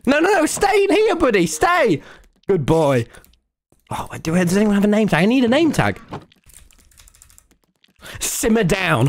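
A young man with a British accent, chattering excitedly and swearing while playing a game on a live stream. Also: high voice, a little slow, long pauses.

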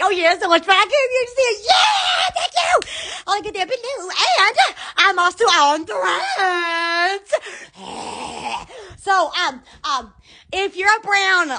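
A woman's voice: extremely high pitch, bright, forceful tone. A woman with a Southern accent chatting on a live phone stream about her shop products, exclaiming and giggling and repeating "oh, yes" over and over. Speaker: online shop owner.

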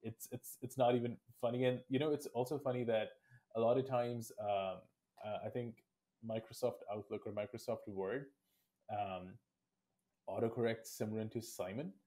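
A man's voice: mid-range voice, steady tone, normal speed, mellow. A man in his twenties from India, answering interview questions in a reflective, thoughtful way. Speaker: guest. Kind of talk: casual interview.

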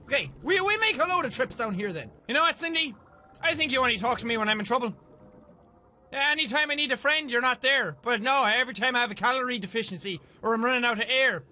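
Excitable young male gamer, very high bright voice, swears a lot, talks to the game. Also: a little fast, slight background noise. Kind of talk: let's play commentary.

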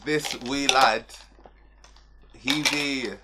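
A man voicing a gruff male pirate with a clumsy fake Scottish brogue, adding "lad" to everything, slow-paced, over loud music. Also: medium pitch, steady tone, heavy background noise. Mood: swaggering. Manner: tacks "lad" onto everything, "be" for "is".

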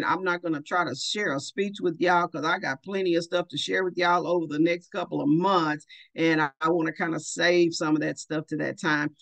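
A woman hosting a coaching group call, speaking in a relaxed, unhurried way with filler pauses. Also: on the low side, vocal fry. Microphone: phone call.

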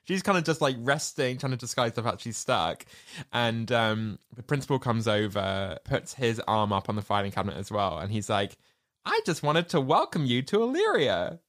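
A man co-hosting a podcast in a casual, animated chat, laughing often. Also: on the low side, moderate pace, no echo, studio quality. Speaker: podcast co-host.

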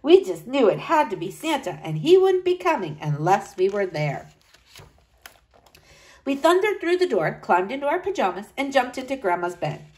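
A woman reading a children's Christmas story aloud, with lively delivery and high excited lines for the children. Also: moderate pace, low-quality recording. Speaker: storybook narrator. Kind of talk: storybook read-aloud narration.

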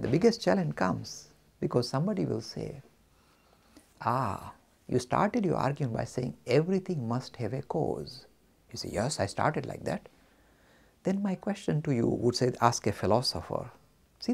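A middle-aged man lectures with a lively, swooping delivery, playing both sides of an argument himself. His voice is gravelly, with a mellow, dark tone. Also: a little high. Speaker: religious studies speaker.

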